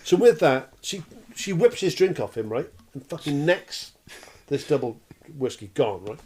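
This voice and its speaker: Guy, bit high pitched, cracking up telling a pub story. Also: moderate pace, slight background noise. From Wales. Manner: animated, laughing anecdote with acted-out voices. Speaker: podcast co-host. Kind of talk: casual storytelling.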